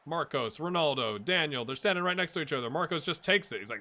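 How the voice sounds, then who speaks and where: This middle-aged man talks fast in a slightly high voice while playing a football management game. A gaming YouTuber doing a casual Let's Play, he keeps up animated, chatty commentary aimed at viewers and players alike.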